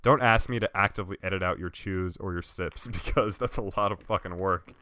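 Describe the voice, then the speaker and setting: A young man with a very low voice co-hosting a laid-back podcast. He pokes holes in his friend's stories with skeptical questions and laughs a lot. His talk is loose and full of casual swearing. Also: brisk, background noise. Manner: teasing, skeptical, laughs often, swears freely. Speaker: podcast co-host and editor. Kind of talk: casual chat.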